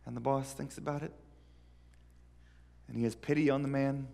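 A male pastor preaches and tells a story with animated energy. His voice sits at a middle pitch. The sound is recorded in a church hall with a long reverb. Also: normal speed, gravelly. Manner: animated storytelling, acts out characters. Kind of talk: sermon.

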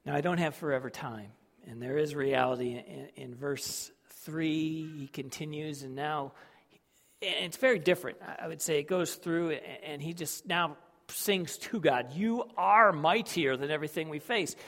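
A man preaching a sermon as a pastor, swinging dramatically from hushed tones to loud outbursts. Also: on the high side, moderate pace. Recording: long reverb of a large hall.

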